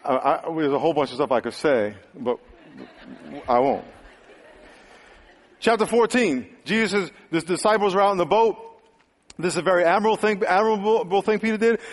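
A man preaching a lively sermon to a young audience, acting out quotes and dropping to near whispers for emphasis. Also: sits high, moderate pace. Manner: animated, acts out quotes, swings loud and quiet. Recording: hall reverb.

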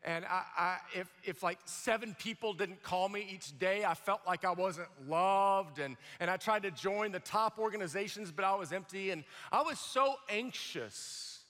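A middle-aged man preaching a sermon, telling his story with animated acted-out quotes and stammering restarts. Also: high-pitched, normal speed, hardly any pauses. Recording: long hall reverb.

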